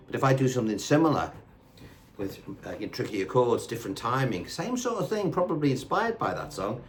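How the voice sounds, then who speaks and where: A man's voice: mid-range voice, very animated, brisk. A man teaching guitar casually, scatting rhythm syllables aloud while he plays. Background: acoustic guitar playing.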